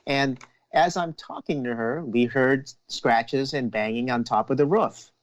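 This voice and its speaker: A man who is a police officer, telling a story in a casual podcast chat in a steady, unhurried way. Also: medium pitch.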